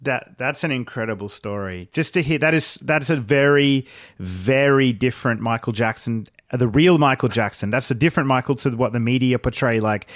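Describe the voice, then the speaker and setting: A man's voice: mid-range voice, normal speed, no echo, clean studio sound. A man hosting a podcast interview, reacting enthusiastically and repeating himself. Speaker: podcast host. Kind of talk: casual interview chat.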